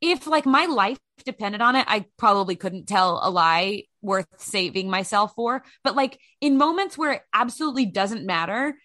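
A woman's voice: mid-range voice, lively intonation, normal speed, few pauses, bright, forceful tone, dry recording, studio quality. A woman co-hosting a casual chat, self-deprecating and rambling with restarts. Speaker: podcast co-host.

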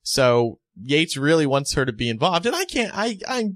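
A man's voice: a little high, very animated, moderate pace, a bit bright, dry recording, clean studio sound. A man co-hosting a casual chat, relaying film news with chatty asides.

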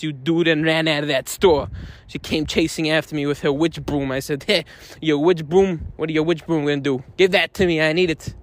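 High-voiced, laughing comic podcast host. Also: male voice. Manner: rambling, mock-outraged, laughing often. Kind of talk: comedic monologue in character.

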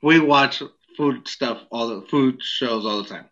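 A man's voice: mid-range voice, a little slow, pushed and bright, dull audio. A man co-hosting a podcast in casual chat, laid-back and hesitant, often laughing. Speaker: podcast co-host.

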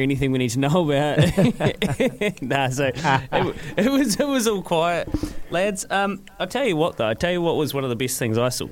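A man, co-hosting a casual sports podcast with lively, jokey banter. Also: mid-range voice. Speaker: podcast co-host.

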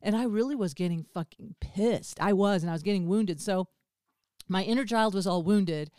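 A woman in her fifties hosting a podcast, telling candid stories in a lively way, swearing freely and acting out the dialogue. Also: mid-range voice, moderate pace, no echo, clean studio sound. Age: 50s. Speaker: podcast host. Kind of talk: candid conversational storytelling.

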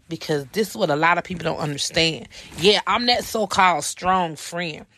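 A woman's voice: on the low side, moderate pace, few pauses, bright, forceful tone, no room sound. Woman in her 30s ranting on her podcast, cussing and blunt, dry close mic. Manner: blunt, profane, heated storytelling. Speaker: podcast host. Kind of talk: personal podcast monologue.

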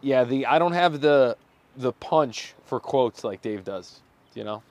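A man's voice: medium pitch, animated, a little mellow. Punning young male podcast co-host. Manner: jokey, quick riffs and puns. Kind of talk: casual chat.

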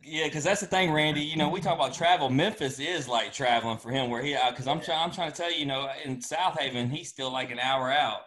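Male co-host, mid-pitched, easygoing and chatty. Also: fast, hardly any pauses, a bit bright. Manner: chatty, laid-back. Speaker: podcast co-host. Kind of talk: casual podcast game host.

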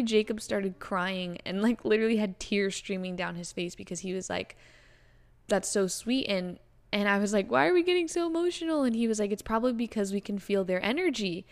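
A young American woman with a gravelly, fry-laden edge to her voice, talking straight to her listeners in a casual, rambling rant. She gushes and loops back on herself, dropping "like" into nearly every phrase, and sits at an ordinary middle pitch for a woman. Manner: gushing, rambling, many "like" fillers. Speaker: podcast host.

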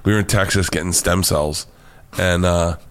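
A male comedian telling anecdotes as a guest, animated and profane, acting out the voices of the people in his stories. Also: deep voice, moderate pace, clear, resonant tone. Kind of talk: casual storytelling interview.

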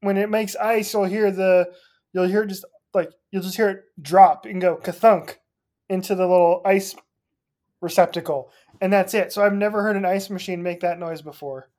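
Easygoing amused podcast co-host. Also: male voice, sits high, fairly even intonation, normal speed, a little mellow. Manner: easygoing, amused, laughs along. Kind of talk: casual chat.

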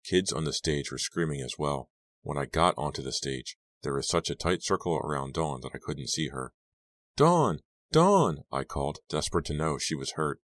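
A man reading a first-person story as an audiobook narrator, steady and measured. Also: a bass voice, dry recording.

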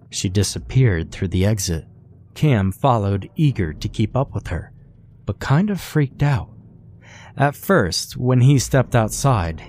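Brief: male horror-story narrator; slow, measured delivery, somewhat low voice. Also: a little mellow, a little hiss or hum.

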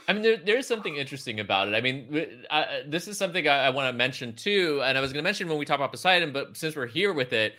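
Brief: a male podcast host, eager and rambling, with a bright, forward voice. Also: on the high side, animated, very fast, hardly any pauses. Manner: enthusiastic, rambling, filler-heavy. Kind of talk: casual podcast chat.

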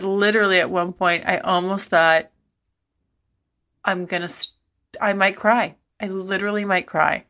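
A woman's voice: medium pitch, steady tone, moderate pace, bright, forceful tone. A woman, middle-aged, hosting a podcast and telling frank personal stories in a rambling, breathless way, laughing often. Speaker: podcast host. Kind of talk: candid personal storytelling.

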